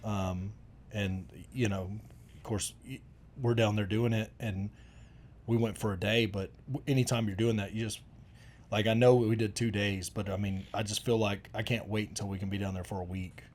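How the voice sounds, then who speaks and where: A man's voice: on the low side, steady tone, normal speed, a little mellow. A middle-aged man, chatting casually and telling rambling, folksy stories with lots of restarts. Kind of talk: casual conversation.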